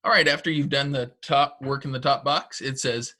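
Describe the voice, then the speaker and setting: Bright-voiced male phonics teacher. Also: medium pitch, steady tone, normal speed, few pauses. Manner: patient, step-by-step instructions. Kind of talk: recorded phonics lesson for children and parents.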